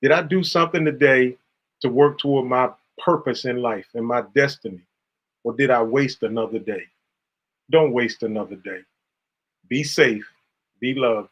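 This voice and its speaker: A man's voice: medium pitch, normal speed, pauses often, dull audio. A man hosting a faith talk show, speaking in a preacherly, affectionate, exhorting way. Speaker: host. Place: Carolina.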